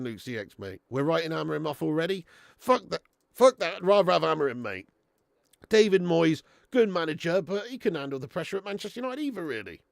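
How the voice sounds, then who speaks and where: A man hosting a football watch-along stream, reading out chat comments in a blunt, sweary manner and breaking into loud rants. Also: on the high side, creaky, no room sound, clean studio sound. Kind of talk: casual live-stream chat.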